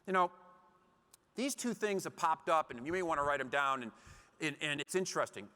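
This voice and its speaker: A bright, forceful middle-aged man delivers a motivational keynote from a conference stage. His voice sits a touch high and rings with a long hall reverb. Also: fairly quick, clear, resonant tone. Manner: animated storytelling, acts out scenes. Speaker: keynote speaker.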